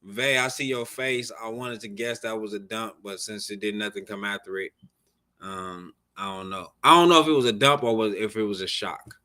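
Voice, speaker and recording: A man's voice: lowish voice, normal speed, bright, forceful tone. A man hosting a live music review, talking casually in loose slang with plenty of swearing. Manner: loose, profane, laid-back slang. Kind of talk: casual livestream chat.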